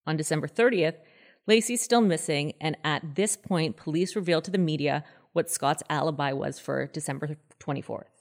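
Low-voiced woman telling a true-crime case. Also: normal speed, gravelly. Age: 30s. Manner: chatty, animated, acts out quoted people in a higher voice. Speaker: podcast host. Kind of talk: casual true-crime storytelling.

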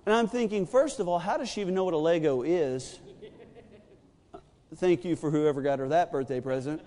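A man in his thirties preaching a sermon, telling a family story with animated, acted-out quotes. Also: on the high side, fairly quick, in a large hall. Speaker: pastor.

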